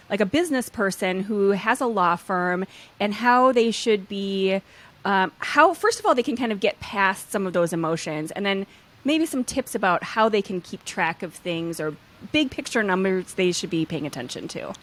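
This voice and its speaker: A woman's voice: medium pitch, expressive, moderate pace, fairly bright tone. A woman hosting an interview podcast, asking thoughtful questions with filler words. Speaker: podcast host. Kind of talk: interview conversation.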